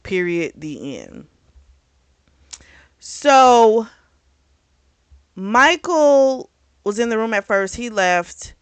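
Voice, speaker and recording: A woman reviewing a book in casual chat, retelling the plot in a chatty, animated way. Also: a little high, extremely slow, pauses often, clear, resonant tone, dry recording. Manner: chatty, animated retelling with acted quotes and laughs.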